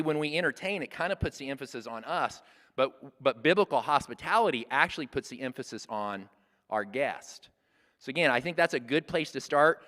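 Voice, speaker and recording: A man's voice: medium pitch, fairly bright tone. A man in his sixties giving an earnest, conversational teaching talk at a church workshop, often restarting his phrases. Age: 60s. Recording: long reverb of a hall.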